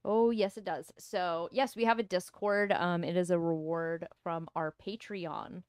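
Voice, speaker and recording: Chill woman cohost talking on a stream, kinda low voice, dry mic. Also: a little slow, clear, resonant tone, no room sound. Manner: relaxed, chatty, many fillers. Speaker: podcast co-host. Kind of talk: casual live-stream banter.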